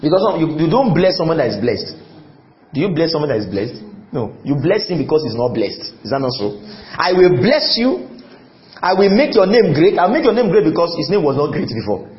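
Man, preacher, high lively voice, emphatic call-and-response sermon, echoey muffled church recording. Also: quick pace. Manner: call-and-response, asks the congregation questions; emphatic, repeats phrases. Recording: echoey, slightly muffled, faint room noise.

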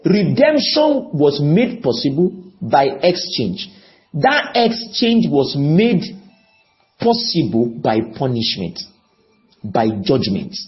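A man preaching a sermon, emphatic and pleading, often putting questions to his listeners. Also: medium pitch. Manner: emphatic, slow, pleading, asks the audience questions. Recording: dull lo-fi recording.

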